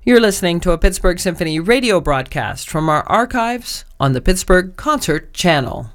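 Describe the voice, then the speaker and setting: A woman's voice: fairly low pitch, big pitch swings, normal speed. A woman announcing a scripted radio station promo in an upbeat way. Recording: station promo with music bed.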